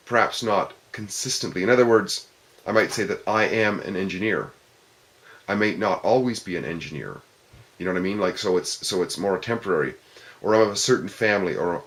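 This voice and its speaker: A man's voice: deep voice, fairly bright tone. A man giving an informal philosophical talk to a discussion group, reflecting step by step and posing questions to his listeners.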